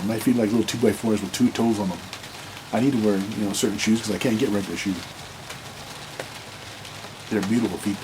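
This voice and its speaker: A man's voice: mid-range voice, background noise. A man giving blunt dating advice in a casual monologue to camera, rambling, restarting sentences and repeating words.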